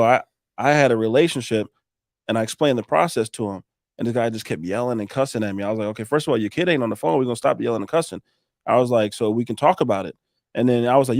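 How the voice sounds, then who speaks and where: Gravelly-voiced guy, roofer telling stories on a podcast, blunt, acts out the back and forth, dry close sound. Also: mid-range voice, dry recording. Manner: animated storyteller acting out quoted dialogue, blunt, swears. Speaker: roofing contractor guest. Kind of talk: casual storytelling on a podcast.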